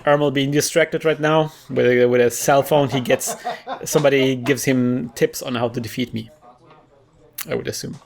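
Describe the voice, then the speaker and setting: A man casually commentating his own tournament card game, chatty and quick to laugh, often restarting words. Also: mid-range voice, steady tone, vocal fry.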